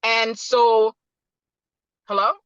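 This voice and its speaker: A woman's voice: a little high, little pitch movement, very slow, a bit bright, no room sound, lo-fi sound. A middle-aged woman from Jamaica with a Canadian accent, chatting casually on a video call and rambling with lots of fillers. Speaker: guest speaker.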